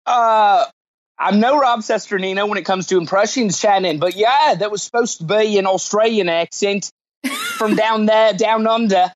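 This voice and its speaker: A man's voice: high voice, wildly swooping pitch, normal speed, lo-fi sound. A man from the United States who is a guest on a podcast, playful and self-deprecating in casual chat.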